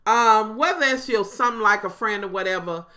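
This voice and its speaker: A woman, recapping a reality show in a sassy, profane, animated monologue to her viewers. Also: medium pitch, a little fast. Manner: breaks into mocking impressions of others.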